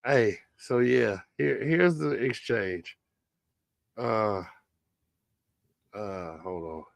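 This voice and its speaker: A man's voice: lowish voice, extremely slow, gravelly, no room sound. A man co-hosting a podcast, cursing freely and telling a story in casual chat, acting out quoted dialogue as he goes. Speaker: podcast co-host.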